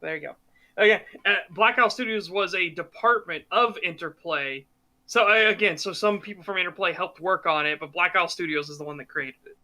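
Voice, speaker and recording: A man hosting a podcast, talking games in a casual, animated and opinionated way, swearing freely. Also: high-pitched, fairly quick. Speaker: podcast host. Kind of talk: casual gaming commentary chat.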